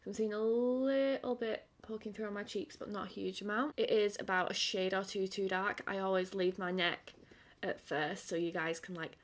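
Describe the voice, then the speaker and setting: A woman's voice: medium pitch, steady tone, normal speed. A young woman vlogging a casual makeup review, chatty and full of fillers. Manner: chatty, filler-heavy with frequent "like"; quieter and tired while applying makeup. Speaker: beauty vlogger.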